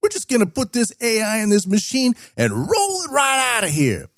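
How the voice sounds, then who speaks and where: A man's voice: very high voice, very animated, moderate pace, a bit bright, dry recording, studio quality, pitched above the performer's own voice, full character voice. A man voicing a brash, dismissive male factory boss in a mocking, pushy caricature. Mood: scoffing.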